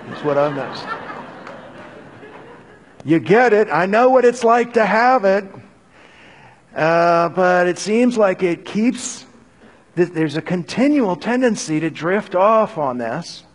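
An older man preaching a sermon to a live congregation in a conversational way, rising into urgent bursts. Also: fairly high pitch. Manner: conversational, animated bursts when urging. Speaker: pastor. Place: church hall before a live audience.

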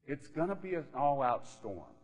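A man's voice: medium pitch, big pitch swings, normal speed. Conversational male preacher in an echoing hall. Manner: conversational, keeps asking "right?". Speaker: pastor. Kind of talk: sermon. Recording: long reverb of a hall.

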